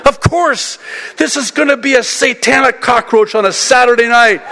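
A man in his forties preaching a sermon as pastor, lively and animated, rising high and loud as he gets excited. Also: normal speed, gravelly. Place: church sanctuary during a service. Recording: long reverb of a church hall.

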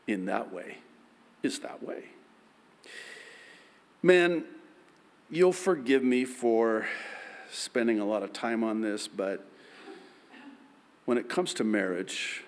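Brief: male preacher, unhurried sermon delivery, playful self-deprecation, church reverb. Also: on the low side. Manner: self-deprecating storytelling, acts out quotes. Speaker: pastor.

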